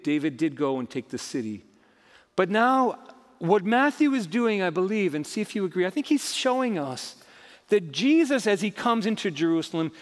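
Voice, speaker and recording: A man's voice: high-pitched, long reverb tail. A male pastor preaching a sermon with emphatic, rising and falling delivery. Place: church sanctuary.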